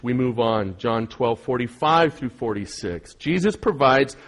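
A man's voice: medium pitch, lively intonation, a little slow, fairly bright tone. Earnest middle-aged male pastor preaching. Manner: earnest, emphatic preaching with repeated phrases. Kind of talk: sermon.

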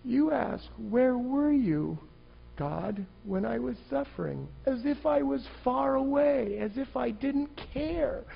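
A man's voice: on the high side, a little slow, gravelly, slightly rough, muffled recording, heavily acted. A man voicing God as a grieving, loving father, choked up and near tears, speaking tenderly and brokenly. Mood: tearful.

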